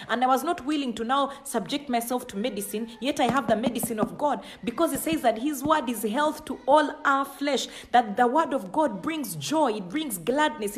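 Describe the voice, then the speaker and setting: A woman preaching with emphatic, repeated phrases. Her voice sits a little high for a woman. She acts out God's questions in a dramatic voice. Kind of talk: sermon.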